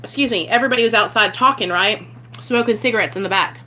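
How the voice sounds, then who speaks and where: A woman's voice: medium pitch, fast, pushed and bright, slight background noise. A young woman telling a raw personal story to her camera, blunt and candid, swearing freely. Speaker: vlogger sharing her recovery story.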